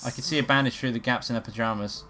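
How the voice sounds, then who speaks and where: A woman's voice: extremely low pitch, fairly even intonation, racing, fairly bright tone, slight background noise. A woman streaming a game, reading the story aloud and adding wry, swearing asides. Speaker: let's play streamer. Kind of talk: reading a visual novel aloud with commentary.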